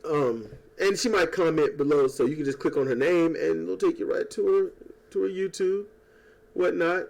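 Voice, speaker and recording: A man's voice: on the high side, gravelly, darkish tone. Rambling, profane man ranting. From United States. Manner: rambling, profane and sarcastic, with quick mocking impressions. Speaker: YouTuber. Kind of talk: casual political rant. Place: at home. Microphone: old desk microphone.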